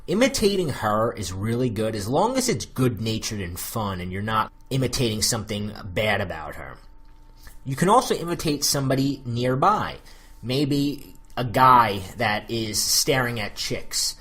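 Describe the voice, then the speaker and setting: A man's voice: mid-range voice, very animated, unhurried, fairly bright tone, husky. An American man coaching on dating in a loose, chatty monologue full of fillers. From United States. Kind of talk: casual spoken advice monologue.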